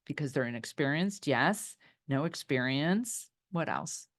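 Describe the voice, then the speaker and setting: A woman's voice: sits low, lively intonation, a little slow. A middle-aged woman leading an online workshop over a video call. She tells stories and talks chattily, reacting to the chat as she goes. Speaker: workshop leader. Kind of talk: storytelling talk in an online workshop.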